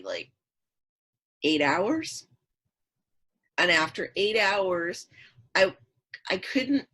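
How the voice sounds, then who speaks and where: A woman's voice: mid-range voice, fairly bright tone, husky. A middle-aged woman, a podcast guest, earnestly recounting her past in a repetitive storytelling rhythm. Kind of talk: personal story in interview.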